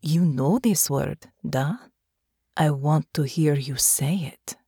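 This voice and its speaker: Lady putting on a big tough guard woman, low slow teasing purr, dry close sound. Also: dark tone, husky, no room sound, heavily acted. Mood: sultry teasing. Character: big strong female guard, teasing and commanding.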